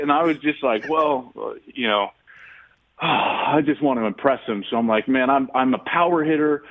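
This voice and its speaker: A man, a guest sports analyst, telling a story in an animated way and laughing as he goes. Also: mid-range voice, moderate pace, narrow, tinny audio, background noise. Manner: laughs through his story.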